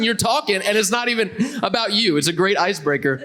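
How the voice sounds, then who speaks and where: A young man with a somewhat high voice tells a funny dating story to a group of students. He jokes, teases and acts out his own lines as he goes. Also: fast talker, sharp tone. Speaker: youth speaker. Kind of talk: playful storytelling talk to students.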